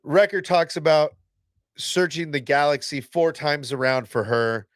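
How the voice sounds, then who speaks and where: A man hosting a casual fan reaction video, excitable and blunt, swearing and restarting his sentences often. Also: on the high side, a little slow, no room sound, studio quality.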